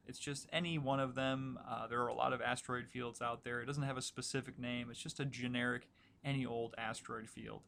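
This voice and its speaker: A man teaching a recorded writing lecture, explaining in a casual, relaxed way with many fillers as he works through examples at his computer. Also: mid-range voice, fairly quick, gravelly, slight background noise. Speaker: writing instructor.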